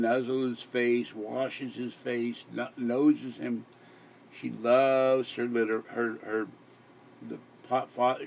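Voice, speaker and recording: An older man chats loosely on a late-night live stream, so tired that his thoughts drift and he keeps giggling and restarting. His voice sits at an ordinary middle pitch. A faint noise hums under the recording. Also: a little mellow. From Pittsburgh area. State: exhausted, sleep-deprived.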